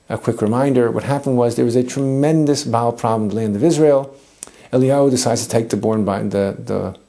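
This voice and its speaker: A man teaching a Torah lesson as a lively, humorous story. He weaves in Hebrew and Yiddish terms. His voice is mellow and warm. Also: mid-range voice. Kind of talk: animated biblical storytelling lesson.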